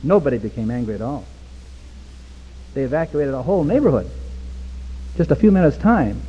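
A man preaching a sermon with passion, swinging from hushed pleading to near-shouting. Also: medium pitch, animated, a little fast, husky. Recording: dull recording with long hall reverb.

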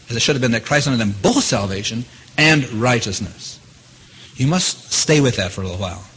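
A man preaching a sermon. He keeps asking his listeners questions and his voice leaps up in pitch to stress a point. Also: slightly rough. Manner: animated, asks the audience questions, jumps high in pitch for emphasis. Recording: long hall reverb.

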